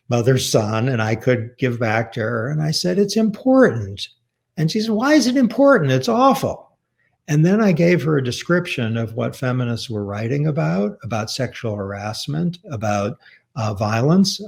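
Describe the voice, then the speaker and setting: A man giving a public lecture, speaking in a measured, earnest and reflective way as he tells a personal story. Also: medium pitch, a little mellow. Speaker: author giving a talk.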